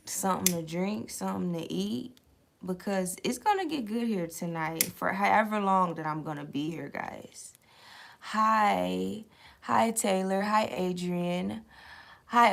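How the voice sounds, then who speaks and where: A young woman runs a relaxed late-night tarot live stream, speaking at an ordinary mid-range pitch. Her delivery is casual and unfiltered, with easy swearing mixed into her readings. She talks straight to her viewers and answers their comments as they come in. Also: gravelly, slight background noise.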